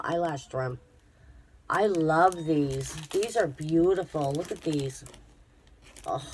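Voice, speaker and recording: Slow, low-voiced gushing woman. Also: slight background noise. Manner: gushing, effusive praise; talks to viewers directly. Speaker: craft vlogger. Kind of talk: casual unboxing chat.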